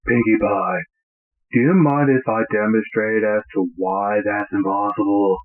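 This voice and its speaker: A man voicing an exasperated young human man with a deadpan, grumbling delivery for an amateur fan fiction reading. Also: on the low side, a little slow, close to an everyday voice. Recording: tinny, phone-like lo-fi audio.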